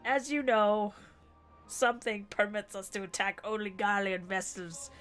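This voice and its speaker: A loud, swaggering pirate captain, as a woman acts him out, booming with a theatrical, attempted Scottish pirate lilt. The voice is mid-pitched, with faint music behind it. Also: steady tone, moderate pace, lightly acted. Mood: scheming.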